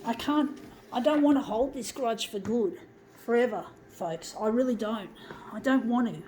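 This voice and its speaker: A woman's voice: fairly high pitch, normal speed, noisy background. A woman ranting angrily to her viewers as a vlogger, swearing heavily and calling them folks. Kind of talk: angry personal rant to viewers.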